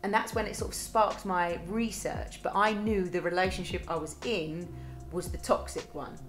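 A woman's voice: fairly low pitch, steady tone, normal speed, faint music behind. A young woman, co-hosting a podcast in a bubbly, chatty way. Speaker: podcast co-host. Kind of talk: casual chat.

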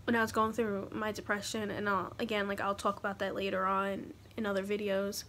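A young woman talking haltingly in a personal confessional vlog, pausing often to collect her thoughts. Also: medium pitch, fairly bright tone, slight background noise. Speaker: vlogger.

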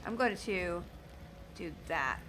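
A woman's voice: fairly low pitch, animated, takes it slowly, noisy background. A woman from the southern United States giving chatty, jokey commentary while playing a video game. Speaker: gaming streamer. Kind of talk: casual gameplay commentary.

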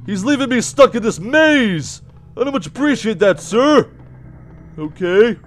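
Man, high voice, horror game commentary, jumpy, excitable, faint music behind. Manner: jumpy and excitable, yelling and laughing nervously. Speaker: let's play gamer.

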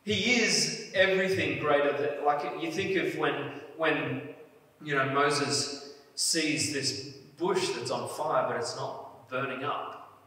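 Pastor, male, mid pitch, earnest sermon delivery, picked up from some way off in a very echoey hall. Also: slow pace, bright, forceful tone. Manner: earnest, builds emphasis on key phrases. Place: church hall. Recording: echoey church hall, mic at a distance.

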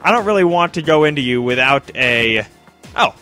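A man's voice: a little high, animated, moderate pace, pushed and bright, soft background music. A young man chatting casually over his gameplay in a self-mocking way, often talking straight to the game's characters. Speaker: let's play commentator.

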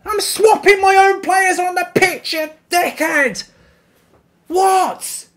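A man commentating live as he plays a football video game, ranting and swearing loudly at it. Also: very high voice, takes it slowly. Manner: loud swearing rants at the game. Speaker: football gaming streamer.

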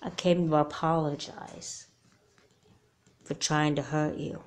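A woman voicing a remorseful adult woman kidnapper in a homemade doll movie, speaking softly and hesitantly. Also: deep voice, flat delivery, slow pace. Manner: soft, hesitant, apologetic.

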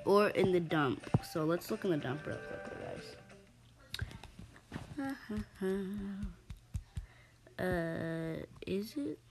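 A woman's voice: medium pitch, a little hiss or hum. A woman hosting a casual game-play video, chatty and rambling, full of ums and asides to her viewers, and slightly out of breath. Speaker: gaming channel host.

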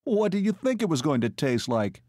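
A man voicing a mild, even-tempered captain. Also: on the high side, normal speed, dry recording, studio quality, voice pushed up.

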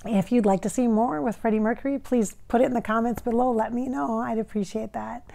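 A woman's voice: a little high, fairly even intonation, a little fast, vocal fry, dark tone. Woman psychic vlogging, earnest and heartfelt, talks straight to camera and to a spirit now and then. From Minnesota. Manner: earnest, emotional, addresses the spirit directly. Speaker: psychic channeler, channel host. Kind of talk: casual reaction talk to camera.

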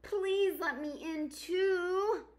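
A woman voicing small shivering storybook animals asking to be let into a warm shelter. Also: very high voice, very slow, pitched above the performer's own voice, exaggerated voice. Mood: pleading.

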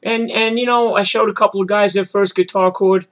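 Gruff new guy in his 60s, fairly high voice, swearing thru a boardwalk story, loud guitar playing behind him. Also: fairly even intonation, fairly quick. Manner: gruff, profane, streetwise storytelling. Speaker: show host and musician. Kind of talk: rambling spoken-word storytelling over guitar.

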